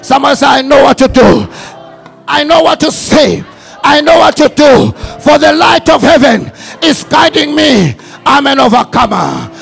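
A male preacher shouting repeated prayer declarations and leading the congregation in a sermon. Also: extremely high pitch, gravelly.

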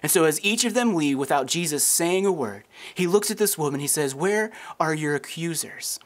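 A man in his thirties, a pastor, preaches a sermon with a fairly high, animated voice at a moderate pace. He tells stories and acts out the voices of the people in them.

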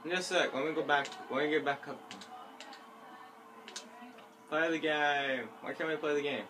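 A man's voice: fairly high pitch, brisk, noisy background. A man doing casual gaming commentary with a friend, pleading, teasing and yelping as he plays. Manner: excitable, yelps and shouts when playing. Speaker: gaming video host.

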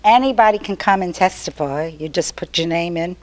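A woman's voice: lowish voice, brisk. An older woman giving a chatty, storytelling talk to an activist meeting. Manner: chatty, storytelling, animated quotes. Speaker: activist speaker.

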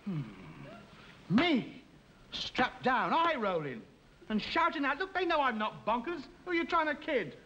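A man's voice: very high voice, sing-song, unhurried, bright, forceful tone, exaggerated voice. An actor playing an indignant, self-important man who blusters and huffs, in a 1950s radio comedy. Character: indignant, pompous man on a cruise. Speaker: comic lead. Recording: muffled old radio recording with hiss.

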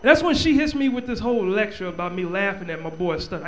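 A man doing a live stand-up comedy set, telling stories with a stutter and an animated delivery on a club stage. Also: high-pitched, fast talker, few pauses, slight background noise.

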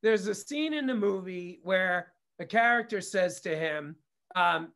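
A middle-aged man with a high-sitting, fairly bright voice speaks at an unhurried pace. He is a comedy producer and director appearing as a guest on an interview show, sharing family stories casually and candidly, swearing freely and drifting into asides.

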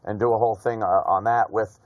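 A man's voice: fairly low pitch, fairly quick, dry recording, dull audio. A middle-aged man hosting a casual comedy chat, telling stories with lots of swearing and laughter. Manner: profane, laughing, animated storyteller. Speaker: podcast host.

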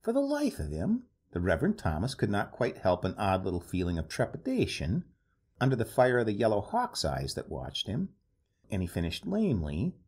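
A man narrating a story aloud in an expressive, animated reading style. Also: fairly low pitch, moderate pace, slightly rough.

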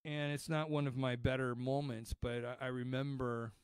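A man's voice: medium pitch, level tone, moderate pace, smooth, no room sound, clean studio sound. A middle-aged man preaching a sermon as pastor, telling stories in a conversational way with frequent restarts.

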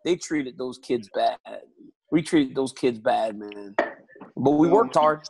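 A man's voice: medium pitch, expressive, slow, rough recording. A man, a podcast guest, telling stories in casual chat, emphatic and laughing, repeating his phrases.

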